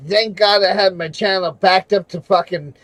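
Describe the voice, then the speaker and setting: Furious high-voiced man ranting on a livestream. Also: steady tone, moderate pace, no room sound, rough recording. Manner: furious, profane, shouting. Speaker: livestreamer and auditor. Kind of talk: angry livestream rant.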